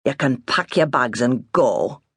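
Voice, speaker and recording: A man's voice: medium pitch, expressive, measured pace, a bit bright, husky, dry recording, clean studio sound. A woman voicing a stern older farmer father, blunt and scornful.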